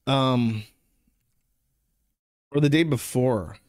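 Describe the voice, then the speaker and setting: A man's voice: mid-range voice, very slow, darkish tone, no room sound, studio quality. A man giving casual, sarcastic commentary, rambling and crude. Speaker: streamer commentator.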